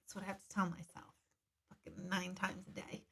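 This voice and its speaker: A woman's voice: lowish voice, level tone, normal speed, creaky, pushed and bright, husky. A middle-aged woman hosting a casual live stream, chatting candidly and reading viewer comments, with the occasional swear word.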